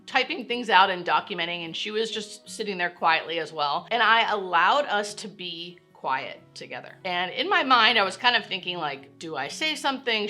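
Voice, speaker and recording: A woman, a hospice nurse, talks straight to her viewers in a candid, easygoing way, laughing often as she tells stories from her work. Her voice is bright and clear. Faint music plays softly behind her. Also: medium pitch. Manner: candid storytelling, laughs often, lively shifts in loudness. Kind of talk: casual educational talk to camera.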